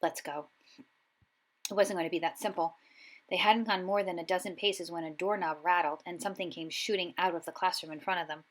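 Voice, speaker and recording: A woman reading a children's storybook aloud, expressive and giving each character a voice. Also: lowish voice, fast, rough recording. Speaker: audiobook reader.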